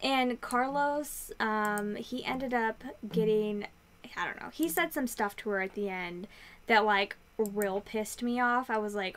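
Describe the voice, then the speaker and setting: A woman's voice: fairly high pitch, unhurried. A young woman vlogger chatting casually about books she read, with many "like" fillers. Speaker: book vlogger. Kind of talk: casual book review chat.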